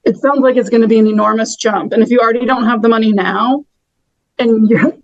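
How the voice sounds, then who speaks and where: A woman calls into a city meeting by video as a concerned parent, earnest and a little halting in her frustration. Her voice is fairly high. The audio is dull and dry, with no room around it. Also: steady tone, no room sound. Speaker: parent giving public comment. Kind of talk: public comment by video call. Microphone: video call. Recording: muffled video call audio.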